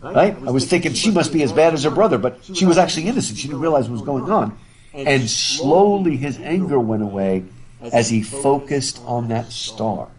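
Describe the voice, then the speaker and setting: Animated male professor lecturing through a mask. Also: medium pitch, moderate pace, crowd noise, rough recording. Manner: animated, chatty, repeats words when thinking; talking through a face mask. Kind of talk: live classroom lecture. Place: university classroom with students. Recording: classroom with students audible.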